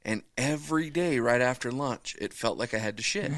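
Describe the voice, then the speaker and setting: A man's voice: medium pitch, moderate pace, dry recording. A middle-aged man tells a crude story on a podcast and keeps breaking into laughter, swearing as he goes. The recording is dry and close, with almost no room sound. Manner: profane, laughing, animated storytelling. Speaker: podcast co-host.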